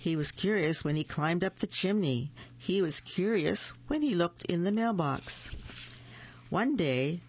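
A storyteller reading picture books aloud slowly and gently, adding small asides. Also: mid-range voice. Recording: muffled lo-fi recording.

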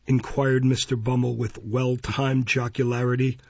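A man reads a classic novel aloud in a measured, even manner, his voice gravelly and husky. The recording is dry and close, with a dull, lo-fi sound. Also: mid-range voice, dry recording. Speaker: audiobook narrator.

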